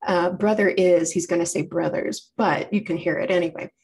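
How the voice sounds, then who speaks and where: A woman's voice: fairly low pitch, fairly even intonation, normal speed, darkish tone. A woman giving an informal public lecture, chatty and explanatory, often correcting herself mid-sentence. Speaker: library program presenter.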